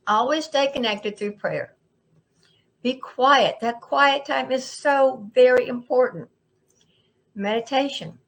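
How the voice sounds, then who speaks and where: A woman speaking earnestly and emphatically to camera from a seated indoor setup, repeating her key phrases. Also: on the high side. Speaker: spiritual speaker. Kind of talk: inspirational talk to camera. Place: indoors, seated in a lit room. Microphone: microphone at a camera setup.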